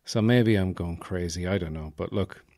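A low-voiced Irish man talks through a casual comic monologue, rambling and wry as he pokes fun at himself. The sound is dry and close, with no room around him. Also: moderate pace, warm tone, no echo. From Ireland, Offaly. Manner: rambling, wry, self-mocking. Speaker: podcast host.

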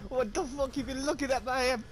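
A man giving crude, joking commentary on a video game, teasing and bursting into shouts. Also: very high-pitched, fairly even intonation, brisk. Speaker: gaming video creator. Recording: loud background noise.

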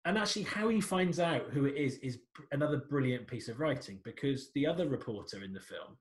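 A man co-hosting a casual film review chat, making animated comments and jokey asides. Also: medium pitch, a little fast. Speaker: podcast co-host.

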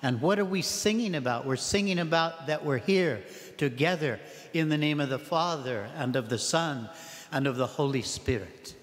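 Abbot preaching in a reverberant church. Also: male voice, fairly high pitch, normal speed. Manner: animated, acts out the prayers and the people in the pews. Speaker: abbot giving a parish mission talk. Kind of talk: sermon.

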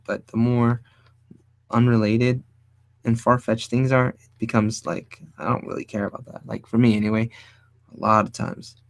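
A man teaching design while he draws, thinking aloud in a casual, rambling way, often hunting for the right word and sometimes speaking low. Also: dry recording. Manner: speaks fairly low and quiet at times. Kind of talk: casual drawing tutorial talk.

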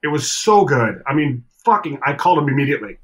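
A middle-aged man telling a story as a podcast guest, animated and swearing freely as he acts out other people's lines. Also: a little high, fast, poor audio. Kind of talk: casual storytelling.

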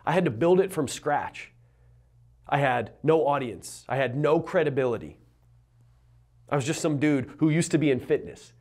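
Male mindset coach, mid-pitched, earnest and emphatic, motivational delivery that slows for emphasis. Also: darkish tone. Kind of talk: motivational talk to camera.

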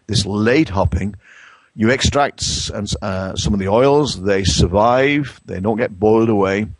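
A middle-aged Englishman with a low voice explains brewing science as an interview guest, often stopping and restarting his sentences. The recording is dry and close, with no room sound. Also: a little slow, no room sound. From England. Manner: hesitant, many restarts and fillers. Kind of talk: conversational expert interview.

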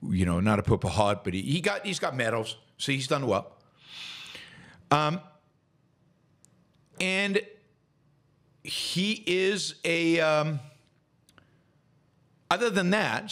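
A man's voice: mid-range voice, fairly bright tone. A middle-aged man hosting a solo political commentary show, talking scornfully with many restarts and fillers.

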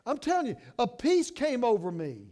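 A middle-aged man pastor preaching a sermon with passion, moving between hushed and emphatic and often restarting words. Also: very high voice, huge pitch swings, normal speed.

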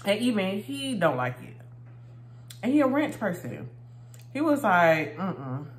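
A woman's voice: medium pitch, big pitch swings, a little slow, roomy sound. A married woman chatting casually while eating for a mukbang video, laughing often and recording on her phone indoors. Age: adult, married. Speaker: vlogger.

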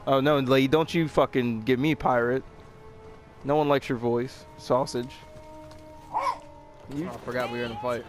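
A young man giving loud, joking, profane commentary while playing a video game. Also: mid-range voice, steady tone, normal speed, long pauses. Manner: loud, joking, swears often. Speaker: gaming channel host. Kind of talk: casual gameplay commentary. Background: game music and gunfire.

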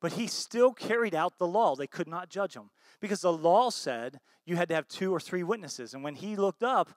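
An American man preaching a sermon as pastor, swinging between loud emphatic bursts and low soft asides, and often asking the congregation questions. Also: expressive, normal speed, dry recording, studio quality. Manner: asks the congregation rhetorical questions.

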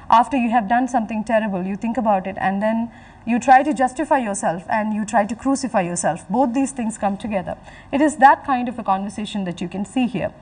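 A woman giving a literature lecture, explaining slowly and repeating her phrases, and acting out lines from the text. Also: a little high, distant mic, poor audio. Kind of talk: recorded lecture.

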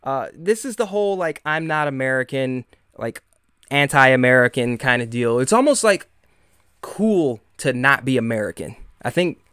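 A man's voice: mid-range voice, sing-song, normal speed, a bit bright, clear, resonant tone, no echo, clean studio sound. Sarcastic rambling man, Michigan accent. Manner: rambling, sarcastic, many fillers and restarts. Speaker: podcast host. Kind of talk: casual live-stream monologue.

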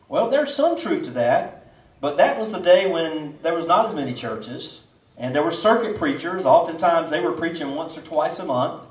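A high-pitched male preacher delivers a folksy, conversational sermon, asking the congregation question after question. His voice sounds roomy and echoing, picked up from a fair distance away from the mic. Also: expressive, moderate pace. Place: outdoor drive-in church service.

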